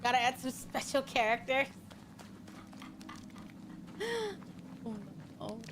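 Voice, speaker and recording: A woman's voice: on the high side, animated, moderate pace, noisy background. A woman streaming a game, chatting with viewers in a flirty, teasing, playfully menacing way. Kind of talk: casual game-streaming chat.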